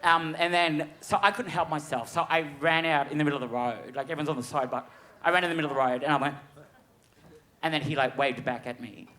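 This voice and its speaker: A man in his forties, a panel guest on a live comedy quiz show, telling an animated, sweary story with shrieking quoted voices. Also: a little high, quick pace. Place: live music venue stage.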